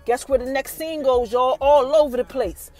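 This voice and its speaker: High-voiced woman animatedly recapping a TV episode. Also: normal speed, soft background music. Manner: animated storytelling, acts out characters' lines. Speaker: podcast host.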